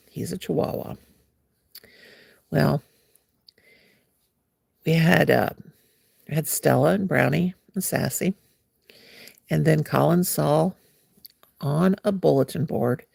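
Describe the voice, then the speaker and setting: A woman's voice: low voice, gravelly, a little mellow, slightly rough, no echo, clean studio sound. A woman hosting a crochet livestream from home, chatting playfully and slipping into sing-song as she works. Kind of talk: casual livestream chat while crocheting.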